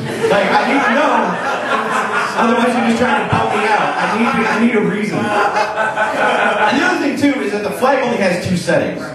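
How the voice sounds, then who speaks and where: A young man doing a stand-up set on a club stage, talking in a loose, rambling way full of "like" and swearing. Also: sits high. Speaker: stand-up comedian. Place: comedy club stage, live show. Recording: echoey club taped from far off, audience laughter.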